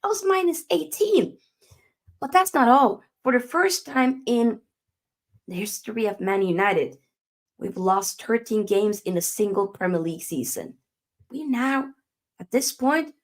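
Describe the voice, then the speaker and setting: A young woman hosting a live football match reaction, ranting emphatically and answering her own rhetorical questions. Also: medium pitch. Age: young adult. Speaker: football channel host.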